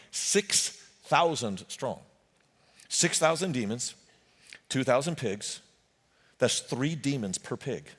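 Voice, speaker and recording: A man preaching a sermon as a pastor, telling the story in an animated way with jokes and voices for the characters. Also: mid-range voice. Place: church sanctuary. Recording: long hall reverb.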